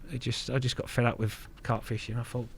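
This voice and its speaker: A man's voice: medium pitch, flat delivery, a little fast, slight background noise. A middle-aged man from Kent, telling stories as a guest in a casual interview, frank and earthy, swearing freely and repeating words. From Kent, England. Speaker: guest angler.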